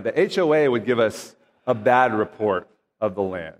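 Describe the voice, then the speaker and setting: A man's voice: lowish voice, expressive, normal speed, big-room sound. A man reading scripture aloud and then preaching in an earnest, conversational way with emphatic asides. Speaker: pastor.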